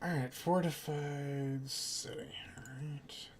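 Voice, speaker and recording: Slow-talking male game master. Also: on the high side, fairly even intonation, a little hiss or hum. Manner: unhurried, thinking aloud with fillers. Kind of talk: narrating a tabletop game.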